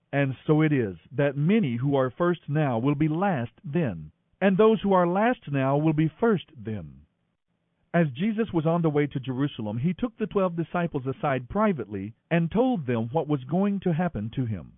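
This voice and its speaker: A man reading scripture aloud in an expressive, animated way. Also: a little high, normal speed, no room sound. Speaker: scripture reader. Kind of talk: scripted narration. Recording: dry, thin phone-like audio.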